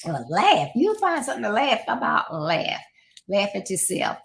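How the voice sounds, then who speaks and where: A woman's voice: mid-range voice, sing-song, normal speed, vocal fry, fairly bright tone. A middle-aged woman hosting a podcast, giving casual motivational advice and repeating her points with encouraging asides. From Florida, United States.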